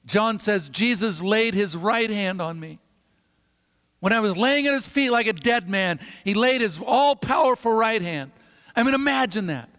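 Male pastor, high voice, emphatic sermon delivery with repeated phrases, booming hall reverb. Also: animated, moderate pace, a bit bright.

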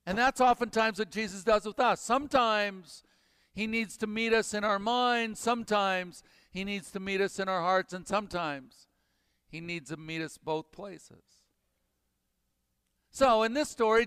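Male pastor, high clear voice, emphatic preaching that sinks to a hush; church with long reverb. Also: studio quality. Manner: emphatic, dropping to hushed intensity. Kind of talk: sermon.

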